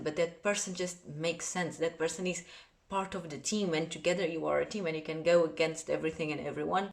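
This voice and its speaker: A woman with a Portuguese accent talks through books in a casual vlog, earnest and chatty. Her voice sits low, and she often trails off mid-thought. She is recorded on a phone or camera set on a tripod. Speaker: book vlogger.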